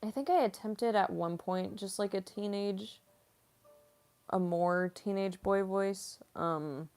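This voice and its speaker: Slow, chatty young woman streamer. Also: lowish voice, vocal fry, darkish tone. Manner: chatty, giggly, heavy on "like". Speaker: voice actress, streamer. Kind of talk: casual livestream Q&A.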